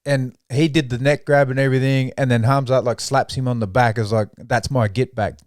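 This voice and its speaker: A man's voice: medium pitch, level tone, fairly quick, darkish tone, clean tone, no echo, clean studio sound. A man co-hosting a fight podcast in casual chat, laid-back and mimicking fighters as he retells. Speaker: podcast co-host.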